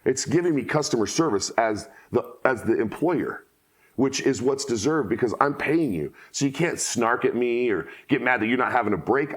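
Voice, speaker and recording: A man hosting a podcast, talking bluntly and telling animated stories in casual conversation. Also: medium pitch, moderate pace, breathy edge. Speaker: podcast host.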